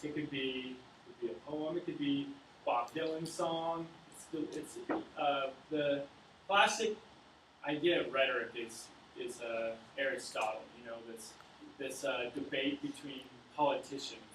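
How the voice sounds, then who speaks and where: A young man teaching a writing class, reciting a poem and explaining it in a halting way full of fillers. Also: medium pitch, a bit bright. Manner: halting, many fillers and restarts. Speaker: writing instructor. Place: university classroom. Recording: echoey room from far off with noise.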